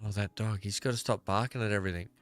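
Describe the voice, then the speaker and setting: A man's voice: fairly low pitch, fairly even intonation, racing, a bit bright, soft background music. An Australian man giving casual, rambling gameplay commentary, thinking aloud as he plays. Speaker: gaming video creator.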